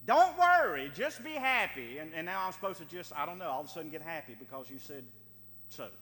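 A man's voice: fairly high pitch, fast, a bit bright. A man preaching a sermon as pastor, with emphatic delivery that repeats phrases for stress. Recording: long hall reverb.

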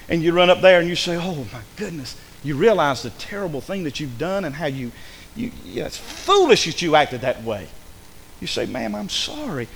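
A man's voice: a little high, long reverb tail, slight background noise, low-quality recording. A male pastor, preaching a sermon emphatically and acting out the voices of the people he quotes. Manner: emphatic, acts out quoted speakers. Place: church sanctuary.

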